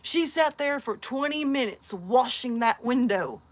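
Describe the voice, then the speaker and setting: Animated woman telling a funny story. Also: a little slow. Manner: animated, laughing, acts out quotes in squeaky voices. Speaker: channel host. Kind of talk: casual storytelling.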